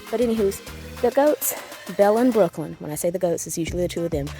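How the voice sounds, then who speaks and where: A woman's voice: lowish voice, expressive, fast talker, music in the background. A woman, chatting casually with plenty of ums as she walks around her small farm. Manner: chatty and informal, with frequent ums. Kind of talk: casual vlog chat.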